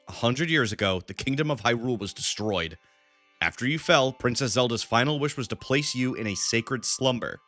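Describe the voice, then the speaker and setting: A man's voice: mid-range voice, bright, forceful tone. A man reading a grave, formal old female elder's game lines in his own voice. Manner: formal, read plainly off the screen.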